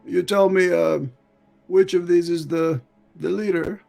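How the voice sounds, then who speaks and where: Casting note: man playing a gravelly, friendly-but-menacing street fighter, says mate a lot. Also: high-pitched, steady tone, measured pace, a little mellow, soft background music. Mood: courteous. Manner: chummy, calls people mate. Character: tough male brawler, friendly menace.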